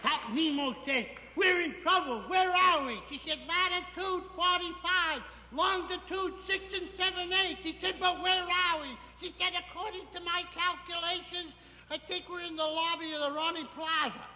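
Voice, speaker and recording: A high, bright, goofy simpleton played by a man rambles through a barroom tall tale with wheezy giggles. The voice is sharp and squeaky, with a roomy echo of a 1960s TV studio around it. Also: steady tone, moderate pace, a faint crowd, a little hiss or hum, exaggerated voice. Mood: goofy rambling. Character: dim, cheerful man-child barfly telling a garbled tale. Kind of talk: 1960s TV variety sketch monologue.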